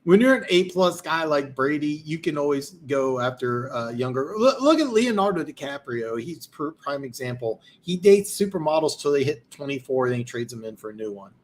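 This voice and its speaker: A man's voice: fairly high pitch, expressive, moderate pace, hardly any pauses. Tired, rambling male live-stream host. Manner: rambling, boastful, many restarts. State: tired, losing his voice. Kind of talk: live-stream football talk, reading comments.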